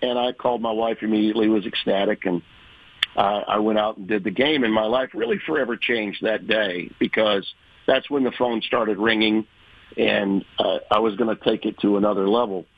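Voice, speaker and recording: A man from Louisiana, a veteran sports broadcaster, telling stories from his career in a folksy, animated interview manner. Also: fairly low pitch, moderate pace, no echo, narrow, tinny audio. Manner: folksy, animated storyteller, acts out quoted voices. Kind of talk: conversational interview storytelling.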